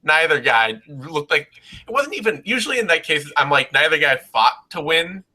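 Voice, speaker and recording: A man's voice: a little high, sing-song, moderate pace, bright, forceful tone, rough recording. A man co-hosting a casual post-fight chat, blunt and emphatic, swearing freely as he breaks down the bouts. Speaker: co-host.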